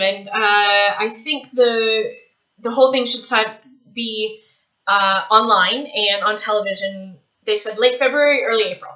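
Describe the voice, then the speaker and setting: A Canadian woman vlogging casually from a small room at home, chatty, rambling and gushing with excitement. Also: on the high side, echoey room, muffled recording. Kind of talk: casual vlog chat.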